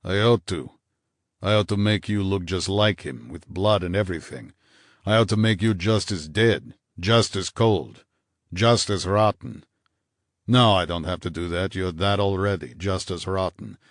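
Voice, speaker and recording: A man voicing a bitter, menacing husband in an audiobook, snarling low and clipped with contempt. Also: normal speed, no echo, clean studio sound, close to an everyday voice. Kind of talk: audiobook character voice.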